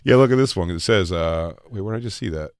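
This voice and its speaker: A man co-hosting a podcast, trading dark jokes in casual chat and laughing often. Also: deep voice, fast talker, no room sound, clean studio sound. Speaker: podcast co-host.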